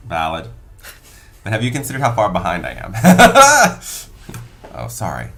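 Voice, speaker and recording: A man's voice: low-pitched, big pitch swings, fast, vocal fry, fairly bright tone. A man chatting casually as he plays a board game on a live stream, joking about himself and thinking aloud. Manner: self-mocking, thinks aloud, laughs often. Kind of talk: casual chat while playing a board game.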